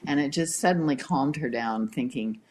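Brief: middle-aged woman, guest author, lively chatty storyteller. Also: very deep voice, moderate pace, slight background noise. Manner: animated storyteller, reads aloud from her book. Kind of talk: casual chat.

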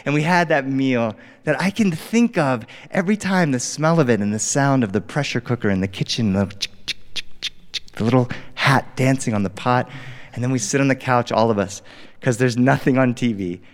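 A middle-aged man telling a family story to a live audience, playful and animated, swinging between hushed and excited. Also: medium pitch, a little fast. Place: studio stage with live audience. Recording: reverberant hall, live audience.

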